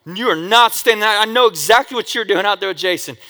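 A man's voice: extremely high pitch, very fast, sharp tone, voice pushed up. A man voicing a stern mother scolding her son, raised and emphatic. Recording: long echoey hall reverb.

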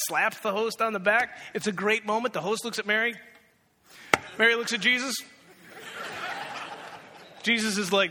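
A man preaching a sermon, telling a story with lively acted-out voices, then turning hushed and prayerful. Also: very high voice, brisk, long pauses, big-room sound, slight background noise. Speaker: pastor. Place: church.

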